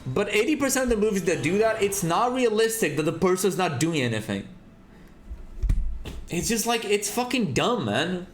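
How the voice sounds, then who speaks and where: Animated, cursing man streamer. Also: sits high, normal speed, roomy sound, a little hiss or hum. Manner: profane, animated ranting. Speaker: game streamer. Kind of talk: casual chat while gaming.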